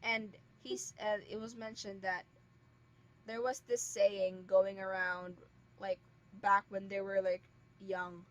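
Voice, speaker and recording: A woman's voice: mid-range voice, flat delivery, slow, muffled recording. A young woman streaming a game, chatting casually and rambling with lots of filler words. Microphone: streaming mic. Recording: very loud static hiss, poor stream mic. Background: dog.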